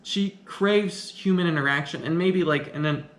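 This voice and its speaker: A man's voice: a little high, normal speed, a bit bright. A man giving a casual film review, thinking aloud and questioning the plot as he goes. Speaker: film commentator. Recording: echoey room.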